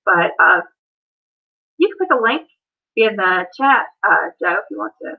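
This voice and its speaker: A woman's voice: mid-range voice, very animated, unhurried, vocal fry. A woman with a Southern accent hosting a casual livestream, chatty and rambling, talking to viewers by name. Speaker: livestream host. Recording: dull lo-fi stream audio.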